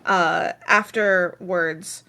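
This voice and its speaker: A woman's voice: lowish voice, fairly even intonation, extremely slow, pushed and bright. A woman narrating as game master, describing scenes in detail and correcting herself as she goes.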